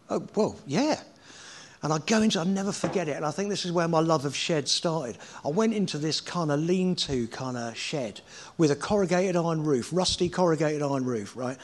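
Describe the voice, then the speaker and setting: Middle-aged guy telling rambly stories, swears a lot, kinda high voice, casual chat. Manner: animated, swearing, laughing anecdotes. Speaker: guest. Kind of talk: casual storytelling interview.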